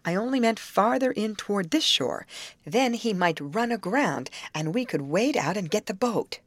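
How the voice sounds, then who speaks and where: A woman playing a gentle storybook girl who offers her ideas earnestly, her voice rising when she is dismayed. The read is close and dry. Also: medium pitch, animated, normal speed, no echo, voice pushed up, natural voice. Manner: soft, earnest suggestions. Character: gentle hopeful teenage girl.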